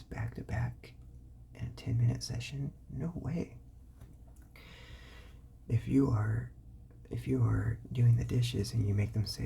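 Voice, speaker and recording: A host giving parenting advice in a whispered ASMR talk, sounding out words slowly and softly, with casual fillers and self-corrections. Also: medium pitch, gravelly.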